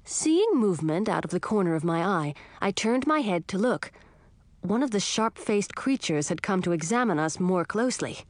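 A woman giving scripted first-person narration of a children's story in a clear, even storytelling manner. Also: medium pitch, normal speed, no echo. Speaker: audiobook narrator.

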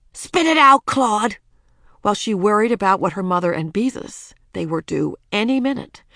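A woman narrating a children's storybook in a lively, expressive way. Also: mid-range voice, vocal fry, dry recording, studio quality. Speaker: audiobook narrator.

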